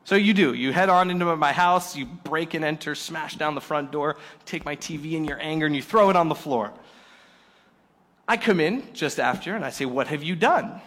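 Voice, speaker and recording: A man delivers a sermon with a slightly high voice. He acts out quoted little scenes, rising loud and bright for emphasis, then dropping almost to a hush. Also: normal speed. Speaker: pastor.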